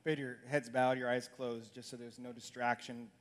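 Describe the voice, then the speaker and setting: A man's voice: medium pitch, level tone, moderate pace. A man preaching a sermon as pastor, earnest and building to urgent questions.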